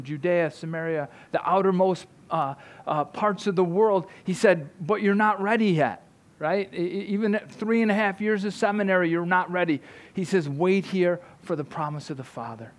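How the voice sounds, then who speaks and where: A male pastor delivers a fervent sermon in a somewhat high voice. He stumbles over and repeats words as he builds up, and checks in with his listeners by asking "right?".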